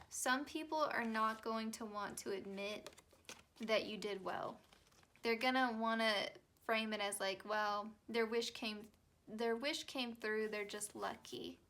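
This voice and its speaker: A woman's voice: fairly high pitch, steady tone, slow, a bit bright, a little hiss or hum. A young woman giving a casual, chatty tarot reading, reassuring her viewers with plenty of fillers. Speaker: tarot reader.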